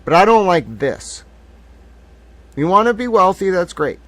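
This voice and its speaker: A man's voice: high voice, sing-song, measured pace, fairly bright tone, no room sound. A man in his thirties hosting a live stream, ranting in a heated, profane way. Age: 30s. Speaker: livestream host.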